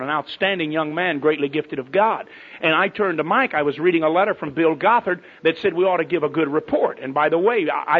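A middle-aged man preaches in a folksy, emphatic style, swinging from loud declarations to hushed asides. His voice sits a bit high and sounds husky. The recording is tinny and narrow, like a phone line. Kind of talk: sermon.

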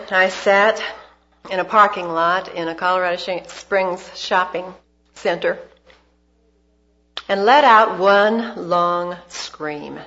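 A woman speaking at a church gathering, telling a personal story in a devotional talk, shifting between emphatic bursts and soft asides. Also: medium pitch. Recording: dull lo-fi recording.

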